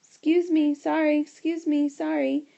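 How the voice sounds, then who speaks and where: An earnest schoolboy, urgent and sometimes yelling to be heard, as a woman reads him aloud. The voice sits fairly high with a gravelly edge and a mellow, dark tone. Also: little pitch movement, unhurried, lo-fi sound. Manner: loud insistent yelling at times.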